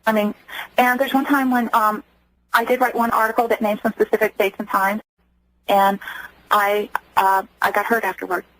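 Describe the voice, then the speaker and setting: A woman's voice: mid-range voice, level tone, moderate pace, no room sound, rough recording. A woman from Germany, a guest on a radio interview, telling her story earnestly and acting out what others said. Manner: earnest, acts out quoted speech.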